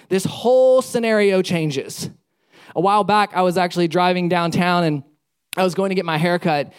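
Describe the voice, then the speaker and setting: A man's voice: high voice, clear, resonant tone. A pastor preaching conversationally, repeating phrases for emphasis and acting out the lines of people in his stories. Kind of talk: sermon with storytelling.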